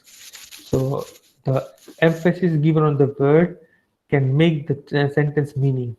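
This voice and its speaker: A man's voice: fairly high pitch, steady tone, takes it slowly, long pauses, dark tone. A man giving a revision lecture to a class, chatty and full of tag questions and fillers. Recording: dull lo-fi sound.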